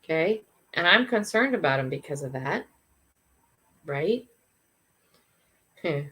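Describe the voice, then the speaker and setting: An older woman hosting a morning livestream, telling a funny story in a chatty, animated way. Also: deep voice, takes it slowly. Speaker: livestream host.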